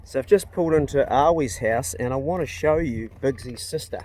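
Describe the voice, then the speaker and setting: A middle-aged vlogger with a New Zealand accent talks a little fast in a warm, mid-range voice, filming on a phone he holds while driving, both in his car and outdoors. He chats candidly and rambles with slang and fillers, and there's a bit of hiss or hum in the audio.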